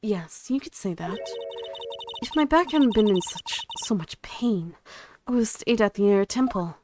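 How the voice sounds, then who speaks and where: A woman voicing a boastful, bubbly elderly head nun, reading her lines loudly over game music. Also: mid-range voice, animated, moderate pace, close to an everyday voice. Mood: recounting.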